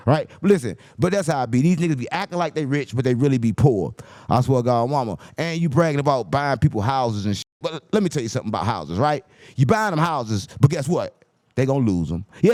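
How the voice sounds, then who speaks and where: A man hosting a mocking commentary rant, repeating taunts and swinging between loud jabs and low mutters. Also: no room sound, studio quality. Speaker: commentary host.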